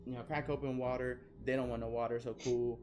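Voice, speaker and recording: A man telling a story in a rambling, animated way, often repeating his phrases. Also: mid-range voice, brisk. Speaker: streamer. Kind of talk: casual storytelling.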